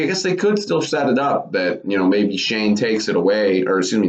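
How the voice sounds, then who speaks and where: A man casually giving his thoughts on wrestling for his channel, rambling with lots of self-corrections. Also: on the low side. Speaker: wrestling commentary YouTuber. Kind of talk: casual spoken commentary. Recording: roomy, dull lo-fi.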